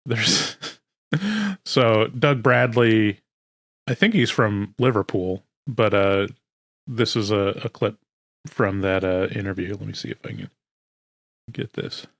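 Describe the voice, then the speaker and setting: Relaxed male podcast co-host. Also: fairly low pitch, slow pace, creaky, pauses often, no echo, clean studio sound. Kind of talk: casual chat.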